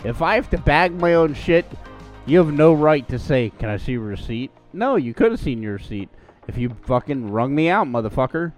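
A man's voice: fairly high pitch, expressive, moderate pace, faint music behind. A man co-hosting a casual podcast, talking bluntly and swearing freely. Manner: blunt, profane and mocking. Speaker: podcast co-host. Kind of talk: casual chat.

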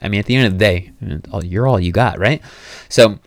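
A man with a lowish voice talks through fitness advice on his own podcast, loose and casual and swearing freely. The sound is dry and close, with no room around it. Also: normal speed, gravelly, dry recording. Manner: casual, profane, self-coaching. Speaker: podcast host.

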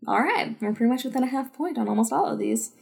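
A woman's voice: a little high, lively intonation, fast, creaky, darkish tone, slightly rough. A woman in her thirties co-hosting a podcast, chatting casually about a TV episode with lots of fillers and laughter. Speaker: podcast co-host. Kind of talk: casual chat reviewing a TV episode.

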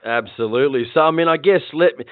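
A man's voice: fairly high pitch, fast talker, dry recording. An Australian man hosting a casual interview, asking loose, friendly questions with restarts. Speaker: podcast host. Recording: tinny phone-like line, dry.

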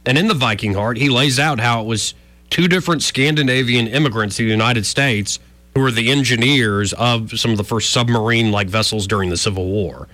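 A man's voice: medium pitch, fairly quick, pushed and bright, dry recording. A man hosting a talk radio show, wry and joking with rambling asides. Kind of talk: casual talk radio banter.

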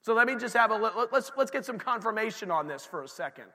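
A man's voice: high-pitched, expressive, fast talker, bright, forceful tone, voice pushed up, heavily acted. A man preaching who acts out a reluctant ancient male disciple, who pleads and stammers. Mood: pleading. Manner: hesitant, stammering. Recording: long reverb of a church hall.

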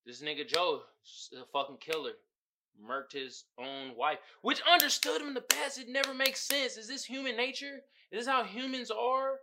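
A man's voice: on the high side, noisy background. A young man hosting a podcast, recapping a show in loose, profane casual chat and putting on voices for its characters. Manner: profane, animated recapping with quoted voices and laughter. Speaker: podcast host.

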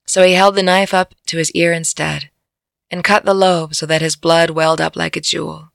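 A woman reads a fantasy audiobook in a low, heavily gravelly voice. The recording is very dry and close, with no room around her. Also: level tone, normal speed, fairly bright tone, no echo. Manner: breaks into laughter at her own jokes. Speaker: storyteller. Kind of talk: audiobook narration.

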